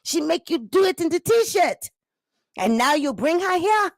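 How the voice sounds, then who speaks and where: A woman's voice: very high-pitched, sing-song, a little slow, gravelly, no room sound, exaggerated voice. A woman voicing a fierce, protective older village mother who keeps demanding to know who has come. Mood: scolding. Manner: suspicious, demanding, repeating herself.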